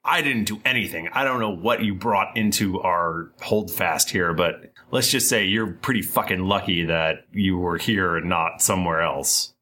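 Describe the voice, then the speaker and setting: A curt, gruff woman leader, voiced by a man game master, blunt in every word. The voice is deep and low, with a bright, forceful edge. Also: moderate pace, few pauses.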